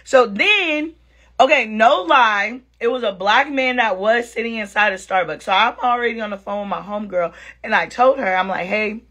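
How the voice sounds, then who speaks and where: This dating storytime comes from a woman vlogger at home whose voice is a little high and whose pace is moderate. Talking directly to viewers with slangy warmth, she calls them "girl" and "sis" and animatedly acts out both sides of the exchange.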